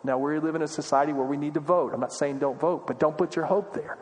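A man's voice: a little high, steady tone, fast talker, darkish tone, long reverb tail. A man preaching a sermon, earnest and full of rhetorical questions, building in emphasis as he goes. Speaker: pastor.

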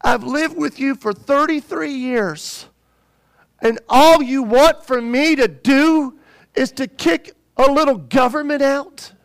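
A man's voice: extremely high pitch, creaky, fairly bright tone, dry recording, pitched above the performer's own voice, exaggerated voice. A man preaching, voicing a sorrowful savior who scolds and pleads with a city. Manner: exasperated, pleading, then grave. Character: grand, sorrowful male savior lamenting.

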